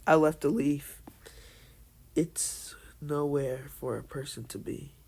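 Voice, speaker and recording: A man puts on a cocky teenage ninja boy in a homemade storybook tale. The lines come slow, flat and dismissive, with a gravelly crackle at the ends of phrases. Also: fairly high pitch, exaggerated voice.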